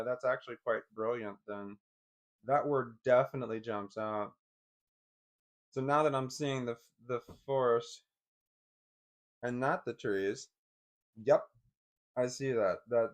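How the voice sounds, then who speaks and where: A man on a live stream, thinking aloud in a halting way, often repeating words as he works through what he sees. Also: medium pitch.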